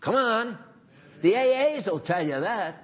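A man delivers a sermon in a fairly high, husky voice. He talks emphatically and sternly, breaking into casual asides. The recording sounds dull and lo-fi. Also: expressive, a little slow. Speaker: preacher.

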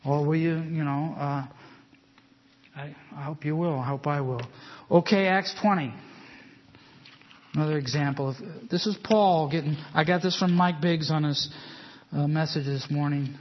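A man's voice: on the high side, steady tone. Conversational male preacher, lo-fi recording. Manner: conversational, digressive, slows to read scripture aloud. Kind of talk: informal Bible-study sermon. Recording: dull lo-fi recording.

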